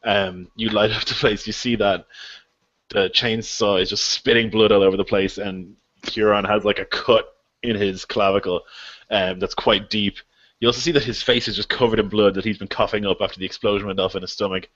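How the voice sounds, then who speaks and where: Laid-back low-voiced male game master. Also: steady tone, brisk, a bit bright, no echo. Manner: casual, filler-heavy narration with laughs. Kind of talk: narrating a tabletop game. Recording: dull lo-fi voice call audio.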